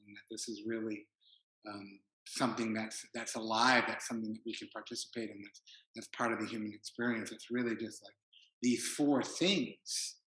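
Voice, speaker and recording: A man's voice: on the low side, a bit bright. Man giving a casual dharma talk. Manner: casual, rambling, many "like" fillers. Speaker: meditation teacher. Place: retreat hall. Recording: roomy hall echo.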